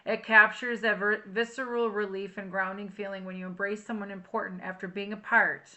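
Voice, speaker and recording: Bright-voiced emotional woman tarot reader. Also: mid-range voice, flat delivery, fairly quick. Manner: emotional, chatty, sings and reads lyrics aloud. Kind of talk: casual tarot reading to camera.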